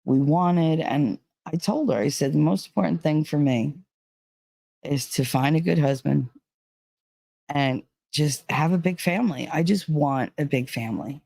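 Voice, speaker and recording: A woman's voice: deep voice, unhurried, vocal fry, mellow, dry recording. Rambling woman telling a story. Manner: rambling, fillers like "like" and "you know". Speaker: vlogger. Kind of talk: casual storytelling.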